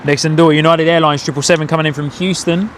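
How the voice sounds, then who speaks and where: A man's voice: on the high side, a little hiss or hum. Chatty man commentating outdoors. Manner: excitable, chatty, quick to exclaim. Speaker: live stream host. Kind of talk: live plane-spotting commentary. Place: outdoors by an airport.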